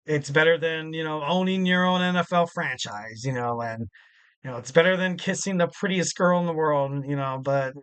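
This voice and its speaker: A man's voice: a little high, normal speed, fairly bright tone, smooth. A man in his thirties hosting a casual solo podcast, rambling with lots of "you know" fillers. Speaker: podcast host.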